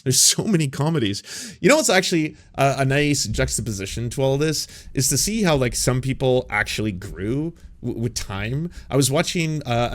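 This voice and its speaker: Man in his thirties, vlog commentary, rambling, sarcastic, swears a lot, medium pitch. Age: 30s. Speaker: commentary host.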